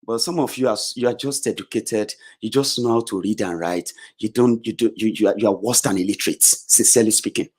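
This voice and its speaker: A middle-aged Nigerian man with a Nigerian accent delivering a heated, confrontational political rant, swinging between shouts and low mutters. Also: a little fast, few pauses, husky. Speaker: political commentator.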